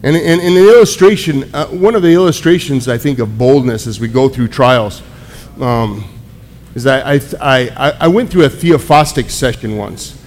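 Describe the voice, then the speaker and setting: A man preaching to a congregation, telling personal stories in an animated way with frequent restarts. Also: medium pitch, moderate pace. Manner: animated storytelling, many restarts. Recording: echoey hall with long reverb.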